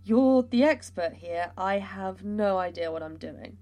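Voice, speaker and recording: A woman's voice: medium pitch, expressive, measured pace, warm tone, faint music behind, natural voice. A woman voicing a wary young male elf noble in disguise, with a hesitant, drawling way of talking. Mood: earnest.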